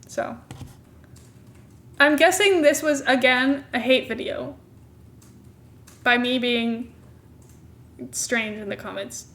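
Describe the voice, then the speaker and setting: A woman's voice: on the high side, takes it slowly, pauses often, a bit bright. A young woman streamer chatting casually, giggling often and poking fun at herself. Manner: giggly, self-mocking, chatty. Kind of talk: casual live-stream commentary.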